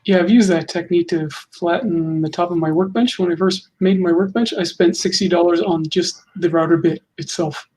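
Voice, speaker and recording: A man on a podcast as a guest, chatting in a friendly, plainspoken way. His voice sits high for a man and has a husky, breathy edge. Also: fairly even intonation, normal speed, hardly any pauses, a little mellow. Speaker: guest woodworker. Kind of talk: casual podcast chat.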